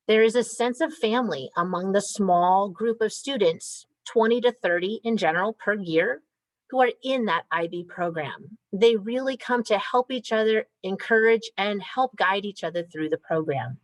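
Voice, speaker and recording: A woman who coordinates a school program gives a clear, methodical and upbeat presentation to parents over a video call. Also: mid-range voice, dry recording, rough recording.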